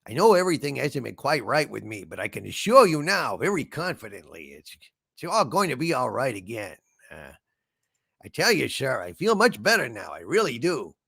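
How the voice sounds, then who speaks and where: A man voicing a male spaceship computer as a meandering, polite detective, gravelly and husky, tacking "sir" onto his lines. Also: mid-range voice, pushed and bright, no room sound, studio quality, heavily acted. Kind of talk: comedy impression sketch.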